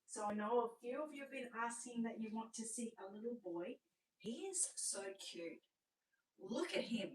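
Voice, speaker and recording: An Australian woman hosting a live-stream sales showcase, chatty and gushing, often dropping to a hushed voice. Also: a little high, animated, moderate pace, distant mic. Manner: chatty, gushing, drops to a hushed voice over sweet babies. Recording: roomy sound, away from the mic.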